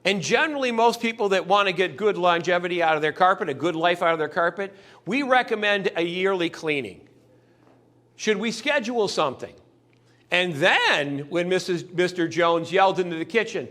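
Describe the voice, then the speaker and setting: A man whose voice sits high talks at normal speed in a motivational sales training session. With lots of energy, he performs small scenes of salespeople and customers, imitating how the customers sound.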